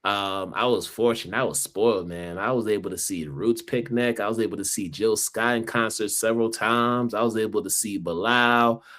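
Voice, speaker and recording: A man from the Philadelphia area, a guest educator on a podcast, telling stories in a relaxed way and often repeating words as he starts a thought. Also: lowish voice, moderate pace, hardly any pauses. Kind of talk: casual interview chat.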